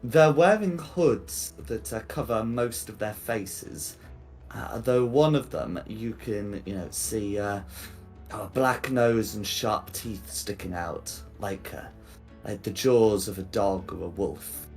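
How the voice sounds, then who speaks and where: A man narrating a tabletop game as game master, pausing often and restarting his sentences. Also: lowish voice, a little mellow, faint music behind. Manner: halting, full of fillers and restarts.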